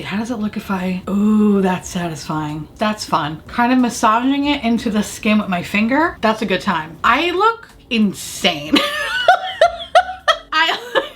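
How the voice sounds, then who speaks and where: A woman chatting through a casual makeup try-on, swearing freely and laughing often, her voice a bit rough from allergies. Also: fairly high pitch, slight background noise. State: allergies affecting the voice. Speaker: beauty vlogger.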